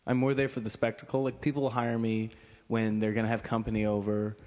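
A man co-hosting a comedy podcast, improvising absurd bits in a deadpan, casual way with some swearing. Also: fairly low pitch, brisk. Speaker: podcast co-host.

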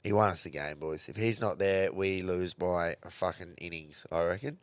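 An Australian man co-hosting a podcast, chatting about sport in a casual, sweary, excitable way, tired but amped. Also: low voice, moderate pace, smooth, dry recording. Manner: sweary, excitable, laughing often. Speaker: podcast co-host.

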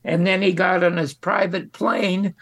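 An older man, a guest in an interview, telling lively anecdotes and acting out quoted lines. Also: high voice, a little slow. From United States. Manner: animated storyteller who acts out quotes. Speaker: guest storyteller.

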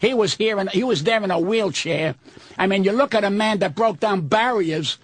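A man's voice: high voice, normal speed, no echo. An older man, a veteran comedian, ranting bluntly and cursing freely in a combative comic style. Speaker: guest comedian. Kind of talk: profane comic rant.

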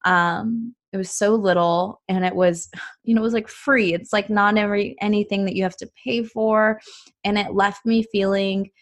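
Chatty woman podcast host, mid-pitched. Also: steady tone, moderate pace. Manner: chatty, earnest, many fillers like "um" and "like". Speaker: podcast host and personal trainer. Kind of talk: casual solo podcast monologue.

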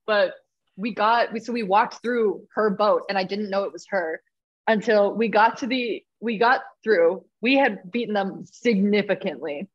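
A woman telling stories in a casual podcast chat, animated and laughing often, with lots of fillers. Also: mid-range voice, moderate pace, muffled recording. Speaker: podcast guest, rowing coxswain.

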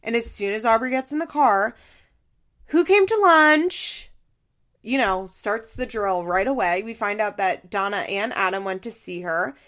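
A woman's voice: medium pitch, normal speed, few pauses, fairly bright tone. A young woman giving heated, exasperated casual commentary, full of "like" fillers and swearing. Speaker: reality TV commentator.

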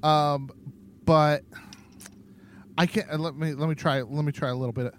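A tipsy man chats loosely as co-host of a podcast, rambling and laughing along the way. His voice sits somewhat high for a man. Faint ambient noise hangs behind him. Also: steady tone, normal speed. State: tipsy from drinking. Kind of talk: casual chat.

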